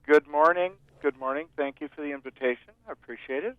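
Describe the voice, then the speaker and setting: Measured guest man calling in. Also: fairly high pitch, smooth, no room sound, narrow, tinny audio. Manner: measured, explanatory. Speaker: guest expert. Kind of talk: calm explanation on a call-in. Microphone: calling in from outside.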